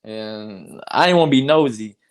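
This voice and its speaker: A man's voice: on the low side, moderate pace. A young man from North Carolina, a basketball player telling a story in a casual interview, acting out quotes and laughing.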